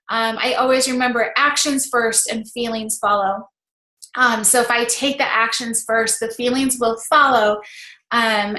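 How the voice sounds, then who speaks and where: A woman's voice: fairly high pitch, bright, forceful tone, roomy sound, low-quality recording. A woman in her thirties giving a chatty, encouraging motivational talk to camera as a coach. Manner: chatty and encouraging, laughs often.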